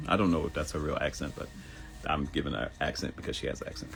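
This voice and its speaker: A man in his thirties hosting a live motivational talk show, animated and laughing, who mimics people in high voices. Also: racing, gravelly. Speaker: host.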